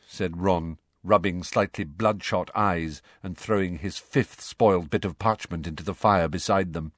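Brief: male audiobook narrator, lowish voice, animated, dry close recording. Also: no room sound. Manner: measured and expressive. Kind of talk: storybook narration.

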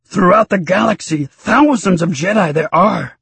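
A man voicing a small, ancient male master who speaks calmly with inverted word order in a raised, raspy voice. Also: sits high, normal speed, no room sound, voice pushed up, heavily acted.

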